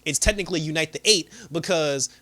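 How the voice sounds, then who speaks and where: A man giving a casual, animated movie review, retelling scenes loosely with lots of "you know" and "like" and frequent laughter. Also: a little high, fast. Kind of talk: casual spoiler review chat.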